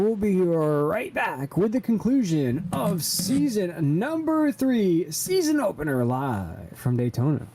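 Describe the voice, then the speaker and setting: A man's voice: high-pitched, dark tone, slight background noise, poor audio. Upbeat man calling a sim race. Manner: upbeat announcer reading out standings and breaks. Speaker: play-by-play commentator. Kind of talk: live sim racing commentary.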